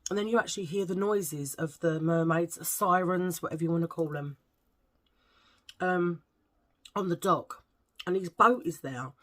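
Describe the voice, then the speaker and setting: This middle-aged woman rambles through a story in a relaxed vlog chat, eating and searching for words along the way. Her voice is on the low side with a fairly bright tone, and she talks at a moderate pace with long pauses.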